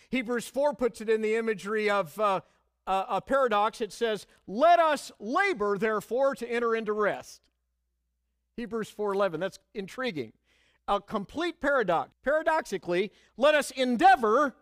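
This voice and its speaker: A man's voice: extremely high pitch, fairly bright tone, dry recording, clean studio sound. A man preaching an expository sermon, earnest and emphatic, quoting scripture and hymn lines.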